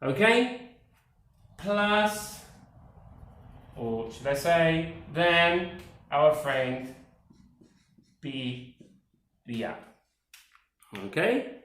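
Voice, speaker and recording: A man a lesson on comparatives, very slowly and pulling words out one by one. His pitch rises and falls widely as he keeps checking that his learners follow. The room around him sounds echoey. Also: lively intonation, fairly bright tone, a little hiss or hum. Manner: slow, careful, stretches words, checks in with "okay?". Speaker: English teacher.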